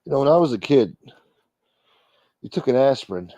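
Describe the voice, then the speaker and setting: A man hosting a mock church livestream, brash and profane, dropping to a mumble and then bursting out loud. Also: mid-range voice, big pitch swings, a little fast, no echo, dull audio. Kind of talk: casual comedic livestream banter.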